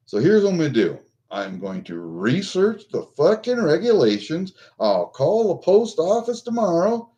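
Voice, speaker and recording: Older american guy ranting and cussing, dark mellow voice. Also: a little high, huge pitch swings, moderate pace, hardly any pauses. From United States. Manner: swears constantly, ranting. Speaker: vlogger. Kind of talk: angry venting vlog.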